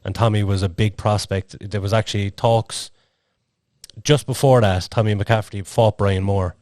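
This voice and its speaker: A man's voice: lowish voice, fairly even intonation, normal speed, darkish tone, no echo, studio quality. A man co-hosting a podcast, chatting casually in a rambling way with lots of fillers. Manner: rambling, filler-heavy storytelling. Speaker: podcast co-host and interviewer.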